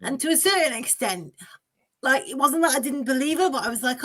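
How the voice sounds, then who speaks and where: A woman guest in a casual chat, expressive and incredulous as she retells encounters. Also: high voice, brisk. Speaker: guest, podcast co-host.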